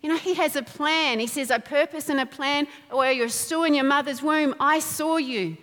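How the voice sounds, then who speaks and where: A woman preaching a sermon in a lively, playful way, often laughing between points. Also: sits high, normal speed. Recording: long hall reverb.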